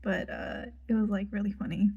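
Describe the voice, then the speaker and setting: A woman's voice: mid-range voice, little pitch movement, a little fast, mellow, slightly rough, muffled recording. A young woman telling a rambling casual story, full of fillers and dropping into whispered asides while she does her makeup. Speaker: vlogger.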